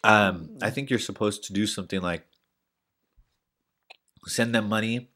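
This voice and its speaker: A man's voice: on the low side, measured pace, bright, forceful tone. A man in casual podcast chat, telling rambling stories full of "like" and restarts, with the odd swear.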